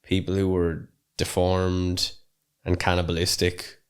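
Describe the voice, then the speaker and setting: A young man with a very low, deep voice, co-hosting a podcast. He rambles along casually, trailing off and restarting as he works through his notes. At times he switches to reading a scripted introduction. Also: monotone, a little slow, clean tone. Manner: rambling, chatty, many fillers and restarts. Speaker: podcast co-host.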